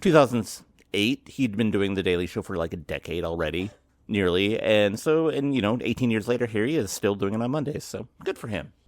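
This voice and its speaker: A man co-hosting a podcast, chatting casually with lively trivia asides. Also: on the low side, fairly quick, dry recording, clean studio sound. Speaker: podcast co-host. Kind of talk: casual chat.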